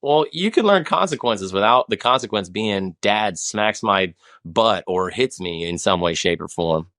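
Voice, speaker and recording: A man's voice: lowish voice, lively intonation, measured pace, fairly bright tone. A man in his forties, a guest on a podcast, talking in a rambling, passionate way with many restarts. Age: 40s. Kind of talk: casual conversation.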